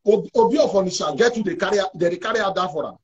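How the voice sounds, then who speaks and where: A man speaking with a Nigerian Pidgin accent, a guest talking in a halting, repetitive way on a talk show. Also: high voice, lo-fi sound.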